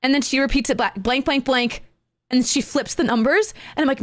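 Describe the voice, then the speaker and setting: A woman streamer with a high voice that swoops up and down, telling a story to her chat in a fast, excitable way and using gamer slang. The sound is dry and close. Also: no room sound.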